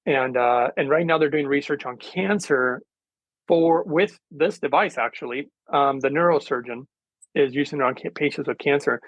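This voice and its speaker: A man's voice: medium pitch, dry recording, muffled recording. A man speaking as a guest in a casual interview, earnest and rambling, with many fillers. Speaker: guest, hydrogen therapy specialist.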